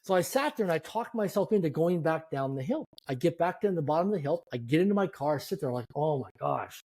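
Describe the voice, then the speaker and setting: A man in his fifties, a guest telling animated, self-deprecating stories in a conversation. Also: a little high, quick pace. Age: 50s. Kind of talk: storytelling in a conversation.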